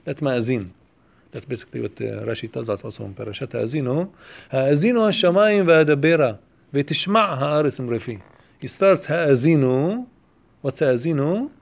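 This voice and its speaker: A man teaching a Torah lesson, asking questions and answering them step by step, repeating phrases and quoting Hebrew passages quickly. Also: medium pitch, animated, gravelly.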